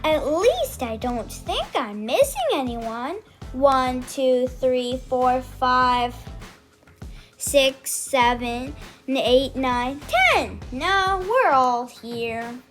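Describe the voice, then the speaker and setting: A woman voicing a polite, calm mother duck in a read-aloud storybook. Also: high-pitched, extremely slow, faint music behind, exaggerated voice.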